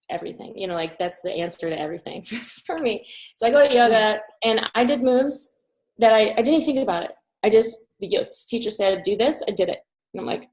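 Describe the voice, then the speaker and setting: A woman from Colorado telling a personal story as an interview guest, animated and breathy in the emotional moments. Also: fairly high pitch, rough recording. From Colorado, USA.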